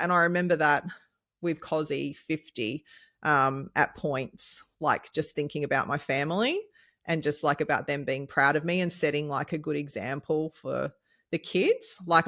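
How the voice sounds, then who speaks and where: A woman, co-hosting a casual podcast chat and rambling excitably, with lots of fillers and laughs. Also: low-pitched, normal speed. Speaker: podcast co-host, nutritionist.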